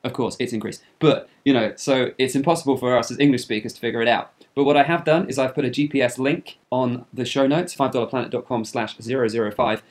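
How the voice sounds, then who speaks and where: A man's voice: medium pitch, quick pace, few pauses. A man co-hosting a podcast, telling travel stories in a chatty, jokey way. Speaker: podcast co-host. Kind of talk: casual chat.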